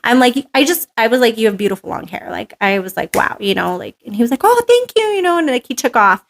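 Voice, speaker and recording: A woman's voice: medium pitch, fast, gravelly. Chatty New woman storyteller. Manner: animated storyteller, filler-heavy "like", acts out quotes. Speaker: podcast guest. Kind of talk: casual interview chat.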